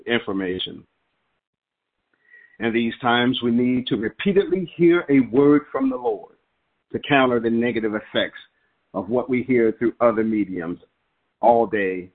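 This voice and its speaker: A man leading a prayer call, speaking to the group with an earnest, emphatic preaching cadence as he recites scripture. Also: mid-range voice. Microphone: phone call. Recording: tinny phone line.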